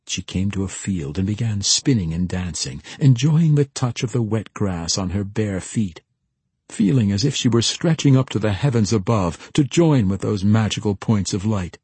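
A man reads a fantasy story aloud in a steady, measured voice. His tone is low and strongly husky. The recording is dry and close, with no room sound. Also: no echo. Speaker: narrator. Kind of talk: audiobook narration.

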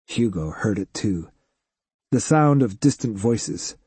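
Male audiobook narrator, mellow and husky, dry close recording, steady read. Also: fairly low pitch, slow, no echo. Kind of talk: scripted narration.

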